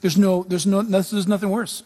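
A man's voice: high voice, flat delivery, normal speed, dark tone. A man giving a casual Bible teaching talk, emphatic and repetitive, often restarting his sentences.

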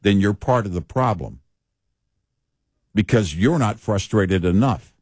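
Fed-up political talk guy, swings his pitch all over, dry mic. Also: animated, measured pace, husky, dry recording. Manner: frustrated, emphatic, rising to sharp peaks. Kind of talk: political talk radio commentary.

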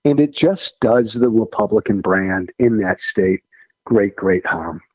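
A man's voice: on the low side, lively intonation, unhurried, slightly rough, dry recording, dull audio. A man who once served in Congress, giving blunt, folksy political opinions in an interview. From Illinois. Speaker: former congressman guest.

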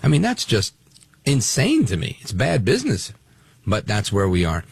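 A man's voice: fairly low pitch, huge pitch swings, normal speed, gravelly, husky, no room sound. A middle-aged man from Brooklyn hosting a talk radio call-in show, talking emphatically with many fillers. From Brooklyn, New York.

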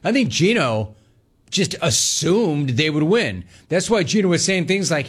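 A man hosting a sports talk radio show, delivering a sarcastic, mocking monologue with animated asides. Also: fairly high pitch, unhurried, husky.

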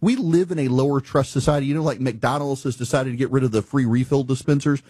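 A man hosting a talk show, telling a driving story in an exasperated, animated rant. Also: medium pitch, fast talker, husky, no room sound, clean studio sound. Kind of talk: ranting monologue.

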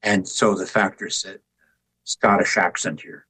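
An older man with a husky voice tells stories in an interview. His delivery is easygoing and anecdotal, and he chuckles at his own jokes. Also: sits low, level tone, unhurried, sharp tone, low-quality recording. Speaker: author and artist, guest. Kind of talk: conversational interview storytelling.

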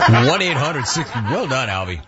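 Male radio host, lively pitch, storyteller, slightly dull lo-fi audio. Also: very noisy. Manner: animated storytelling, laughs at clips. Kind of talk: casual talk radio banter.

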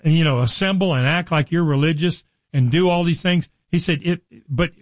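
A man preaching a sermon, reading scripture slowly and explaining it in an earnest, conversational way to his listeners. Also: on the high side, dry recording, poor audio. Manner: addresses listeners directly.

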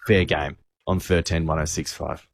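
A man hosting a radio show, telling an animated anecdote. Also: rumbling low, moderate pace, vocal fry. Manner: animated storyteller.

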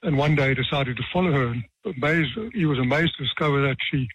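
A man in his seventies, a retired judge from South Africa, tells stories from his career with dry, self-deprecating humor and measured pauses. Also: mid-range voice, a bit bright, husky, no room sound. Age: 70s. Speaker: retired judge, author guest. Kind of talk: relaxed anecdotal storytelling. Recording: dull, dry radio sound.

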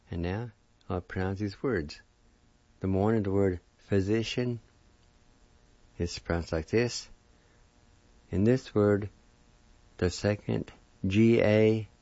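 Slow, low-voiced man teaching pronunciation. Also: dark tone, dry recording. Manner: spells words out and sounds syllables slowly. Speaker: language teacher. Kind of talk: slow spelling and pronunciation lesson. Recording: dull lo-fi recording.

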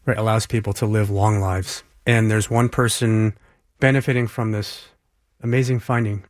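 A man's voice: fairly low pitch, steady tone, moderate pace, no echo. Male interviewer prompting questions. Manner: prompting questions, brief affirmations. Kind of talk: conversational interview.

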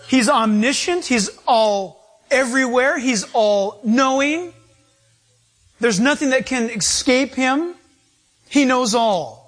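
Guy preacher with a really high voice, reads scripture, throws questions at the crowd. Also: fairly bright tone. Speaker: pastor. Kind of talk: sermon.

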